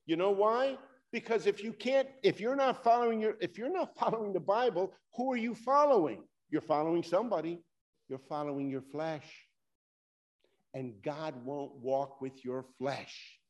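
A man with a high voice delivers a sermon. He talks straight to his listeners, pushing some lines hard and letting others drop low. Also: moderate pace. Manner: preaching with rising and falling emphasis, addresses listeners directly. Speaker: pastor.

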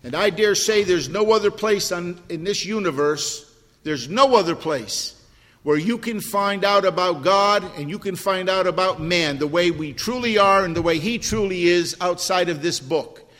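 Older man, preacher, sermon, emphatic, repeats words, high voice, long hall echo. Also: normal speed, fairly bright tone. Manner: emphatic, repeats key words, asks the congregation questions.

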